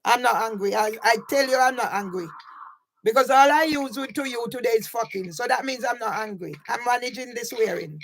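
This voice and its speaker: A woman's voice: fairly high pitch, fairly quick, a little hiss or hum. A woman in a heated phone argument, insistent and repeating herself as she demands money back. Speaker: caller disputing money.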